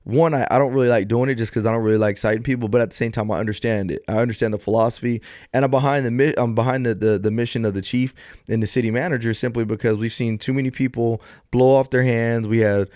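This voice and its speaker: A man who hosts a podcast and works as a police officer talks with an earnest, reflective tone in a casual chat. His voice sits at an ordinary middle pitch. The sound is dry and close, with no room echo. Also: steady tone, quick pace, darkish tone.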